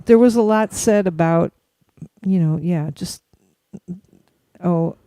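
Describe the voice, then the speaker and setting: A middle-aged woman co-hosting a casual chat, telling animated anecdotes and acting out the voices of people she quotes. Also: on the low side, slow pace, smooth, dry recording. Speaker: co-host.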